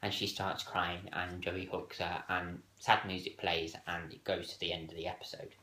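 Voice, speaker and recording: A man with a lowish but bright, forceful voice talks casually through a countdown, stumbling and restarting often. He is recorded in an echoey room. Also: little pitch movement, normal speed, a little hiss or hum. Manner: hesitant, many fillers and restarts. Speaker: video host ranking TV moments. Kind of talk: casual solo countdown talk.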